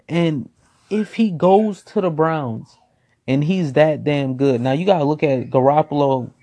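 A man's voice: a little high, darkish tone. A man giving a casual football opinion rant, blunt and profane, repeating himself for emphasis. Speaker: sports commentator.

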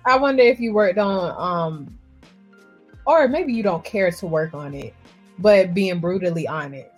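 A woman's voice: fairly low pitch, unhurried, breathy edge, faint music behind. A woman co-hosting a casual chat podcast, teasing her friend and acting out text exchanges. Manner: lively, teasing storyteller who acts out texts. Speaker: podcast co-host.

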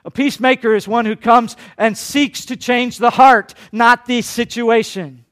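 A man preaching a sermon, swinging between loud, urgent lines and hushed, quiet ones, and briefly acting out the people he quotes. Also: very high-pitched, steady tone, unhurried. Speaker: pastor.

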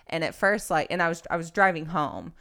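A woman's voice: lowish voice, a little fast, bright, forceful tone. A young woman co-hosting a podcast, rambling in casual chat with lots of "like". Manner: rambling, heavy use of "like". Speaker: podcast co-host; nanny.

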